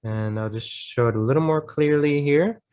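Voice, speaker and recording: A man's voice: fairly high pitch, moderate pace, darkish tone, smooth. A man with an American accent tutoring a student in math, patiently thinking aloud step by step and encouraging her. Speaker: math teacher. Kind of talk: online tutoring lesson.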